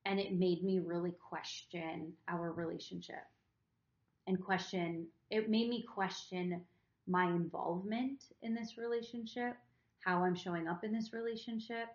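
A woman's voice: on the low side, steady tone, measured pace, echoey room, muffled recording. A woman co-hosting a podcast who tells a personal story to her partner in an earnest, emotional, rambling way. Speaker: podcast co-host.

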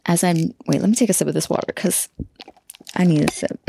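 A woman's voice: fairly low pitch, fairly quick, gravelly, mellow, slight background noise. A woman hosting a self-love coaching podcast, talking in an effusive, emotional way and laughing often. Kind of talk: heartfelt podcast monologue.

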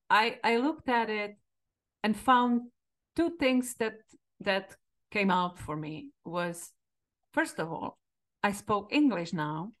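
Czech-accented woman telling her story. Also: on the low side. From Czech Republic. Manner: candid, reflective, quoting herself with emotion. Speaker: podcast host. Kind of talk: personal storytelling.

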